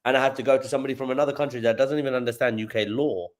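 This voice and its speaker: A man's voice: medium pitch, fairly even intonation, very fast. A man from London, a guest on a podcast interview, explaining things at length with examples and often repeating words as he goes. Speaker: guest, AI company founder.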